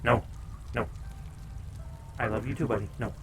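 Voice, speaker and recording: A man's voice: medium pitch, steady tone, moderate pace, faint music behind. A man live-streaming at home in a laid-back, casual way, chatting to his viewers and telling his dogs to stop barking.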